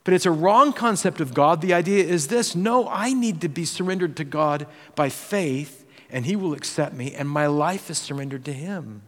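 A man preaching a sermon as pastor, acting out quoted voices and swinging between loud and hushed. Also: a little high, lively intonation, normal speed, hardly any pauses, in a large hall. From United States.

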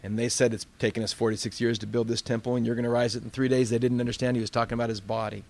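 A man's voice: medium pitch, level tone, very fast, vocal fry, a little mellow. A man preaching a sermon as pastor, in a conversational, plainspoken storytelling way.

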